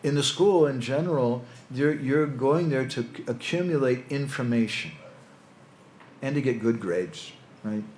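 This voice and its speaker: A man talks to a young audience about spiritual identity, loose and anecdotal, breaking off into stories and quick asides. His mid-pitched voice echoes around a roomy space, with a faint hum of ambience behind. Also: darkish tone. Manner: conversational, storytelling, with asides. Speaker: monk lecturer. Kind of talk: spiritual talk to youth.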